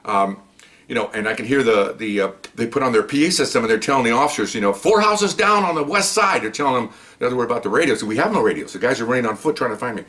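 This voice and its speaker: A man who was once a police officer, telling a long story in a rambling, animated way and often checking in with "okay?". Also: mid-range voice, rapid-fire. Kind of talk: casual spoken storytelling.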